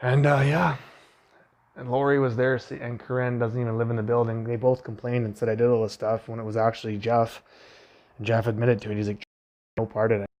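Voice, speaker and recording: A man's voice: mid-range voice, flat delivery, fairly quick, darkish tone. A young man on a casual livestream, telling a rambling, profane story about being wrongly blamed, speaking into a phone at home. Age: young adult. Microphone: phone livestream mic.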